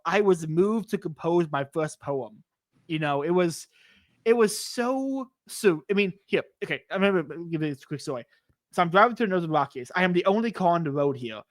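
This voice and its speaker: A man who hosts a podcast, telling stories in a casual, excitable and rambling way, often restarting his sentences. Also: high-pitched, moderate pace, no echo, clean studio sound. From United States. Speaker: podcast host. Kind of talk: casual storytelling chat.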